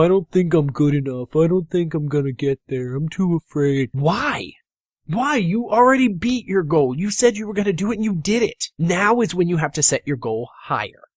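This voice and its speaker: A man's voice: on the high side, no echo, clean studio sound. A young man giving a casual motivational talk to gamers, blunt and fired-up, swearing freely. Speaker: gaming motivation vlogger.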